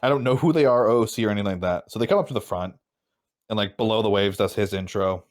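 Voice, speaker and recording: A man with a low voice talks casually on a live podcast. He swears freely and retells events by quoting himself. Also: fast. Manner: relaxed, swearing, quotes himself in stories. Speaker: podcast co-host. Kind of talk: casual chat.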